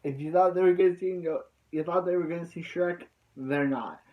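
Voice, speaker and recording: A man's voice: a little high, fairly quick, darkish tone, rough recording. A man giving a casual, rambling recap of an anime episode, leaning on filler words like "so yeah.".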